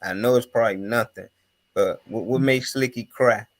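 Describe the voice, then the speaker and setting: A man's voice: medium pitch, moderate pace. A man co-hosting a casual talk show, blunt and teasing. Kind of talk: casual banter.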